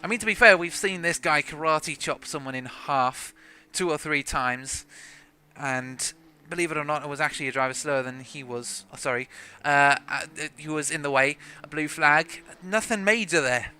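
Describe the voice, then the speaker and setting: A young man from South Africa with a South African accent softened by British English, giving rambling, jokey commentary on a sim racing livestream. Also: fairly high pitch, moderate pace, smooth. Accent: South African with some British English. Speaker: race commentator.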